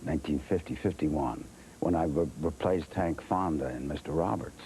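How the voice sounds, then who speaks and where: Older guy telling a wry story about himself as an interview guest, low deep voice, dark mellow tone. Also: moderate pace, a little hiss or hum, rough recording. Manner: wry, self-deprecating, acts out other people's words.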